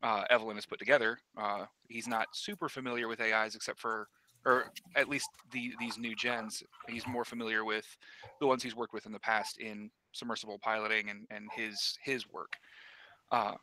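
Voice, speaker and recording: A man playing in a tabletop game, casually talking through what his character will do. His voice sits fairly low but has a very bright, forceful edge. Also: little pitch movement, normal speed, slight background noise, poor audio. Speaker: player.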